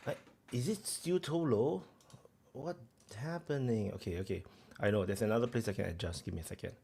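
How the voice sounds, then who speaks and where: Guy hosting a live stream, low gravelly voice, rambles and chats with viewers a lot. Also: fairly quick. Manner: rambling, lots of fillers and restarts, chatting with viewers. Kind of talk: casual live stream chat.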